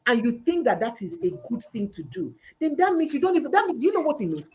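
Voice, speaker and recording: A woman's voice: high-pitched, very animated, fast, hardly any pauses, muffled recording, a little hiss or hum. A Nigerian woman hosting a debate-style discussion who slips into Pidgin and presses her points hard. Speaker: show host.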